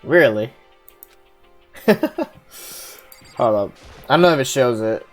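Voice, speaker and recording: A woman's voice: very deep voice, expressive, a little slow, soft background music. A woman streamer giving casual let's-play commentary, rambling, swearing and thinking aloud. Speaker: game streamer.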